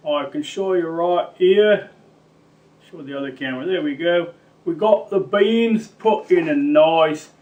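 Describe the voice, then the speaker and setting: Slightly high and a bit mellow, this man's voice comes through a distant mic with dull audio. He hosts a mock-serious cooking demonstration, rambling and joking with slangy asides like "mate" and "bloody."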